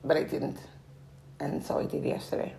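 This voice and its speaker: A woman's voice: sits low, flat delivery, normal speed, gravelly, mellow, a little hiss or hum, poor audio. A young woman vlogging a casual, meandering life update, her throat sore and strained from talking. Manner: meandering, reflective, trailing off.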